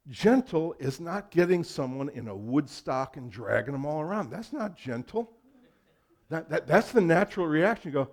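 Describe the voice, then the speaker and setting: A man's voice: on the high side, big pitch swings, normal speed. A male pastor giving a conversational sermon, acting out quoted voices and laughing often.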